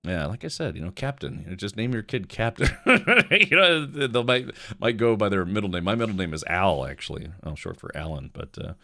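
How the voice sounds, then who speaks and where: Guy streaming, kinda low voice, chatty and jokey, rambles while reading chat. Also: sing-song, fairly quick, hardly any pauses, bright, forceful tone. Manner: rambling, joking, reads chat messages aloud. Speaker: livestream host. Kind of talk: casual livestream chat.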